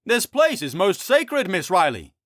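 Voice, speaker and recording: A man's voice: high voice, wildly swooping pitch, a little slow, a bit bright, no echo, clean studio sound, voice pushed up, full character voice. A man doing a prim, fussy young friar. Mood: earnest. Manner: formal, fussy, polite speech.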